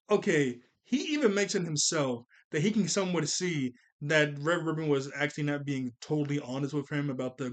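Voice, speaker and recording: Excitable rambling man, fairly high voice. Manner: excitable, rambling with restarts and laughs. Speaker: anime reviewer. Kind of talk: casual commentary.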